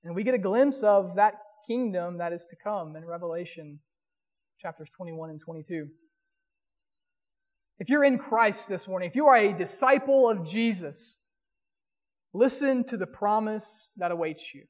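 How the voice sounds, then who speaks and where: High-voiced man preaching in a reverberant hall. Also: animated. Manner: earnest preaching, reading scripture aloud slowly. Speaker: pastor. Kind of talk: sermon.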